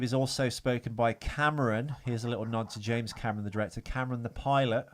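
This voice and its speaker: A man's voice: medium pitch, fairly even intonation, quick pace. Rambling man reading trivia on a podcast. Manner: rambling, hesitant, reads trivia with many fillers. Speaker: podcast co-host. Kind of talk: casual chat.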